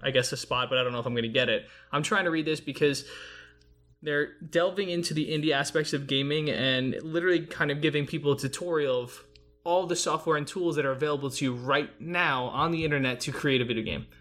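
A man's voice: on the high side, fast talker, fairly bright tone. A man co-hosting a gaming podcast in casual, enthusiastic chat, swearing freely. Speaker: podcast co-host.

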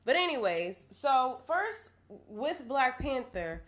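A woman's voice: sits high, big pitch swings, slow, fairly bright tone. A woman in her twenties, hungover, co-hosting a podcast in casual, slangy, laughing chat. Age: 20s. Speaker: podcast co-host.

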